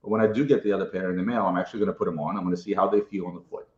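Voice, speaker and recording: A middle-aged Ukrainian man, a sneaker collector, gives a casual interview, talking fast and emphatically and tacking "right?" onto his points. His voice sits low with fairly even intonation, and the recording is roomy and dull.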